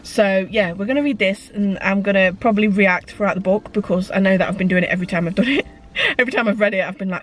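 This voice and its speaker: A woman's voice: medium pitch, fast talker, slight background noise. A woman in a casual book chat vlog, retelling a story in a chatty way and swearing freely. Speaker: book vlogger.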